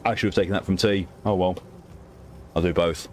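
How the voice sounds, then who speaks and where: A man streaming a video game, chatting casually in an animated way, swearing and reading game text aloud. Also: deep voice, brisk, a little hiss or hum. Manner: animated, swearing, laughing often.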